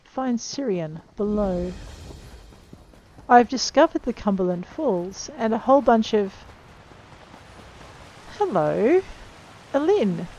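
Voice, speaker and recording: A woman's voice: mid-range voice, expressive, measured pace, a little mellow, dull audio, a little hiss or hum. A woman casually commenting on her video game playthrough, chatting to the characters and joking at herself. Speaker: gamer playing through a game.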